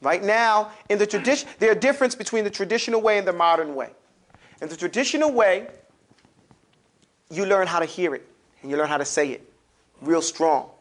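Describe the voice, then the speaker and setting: A man's voice: high voice, lively intonation, a little fast, long pauses. A man teaching an Arabic alphabet class, explaining and drilling syllables emphatically for students to repeat in a classroom.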